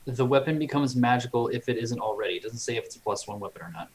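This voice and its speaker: A man's voice: mid-range voice, fast talker, crowd noise, rough recording. Man narrating his character's attack. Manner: describes actions vividly, thinks aloud over rules. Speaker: player. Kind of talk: playing a tabletop game.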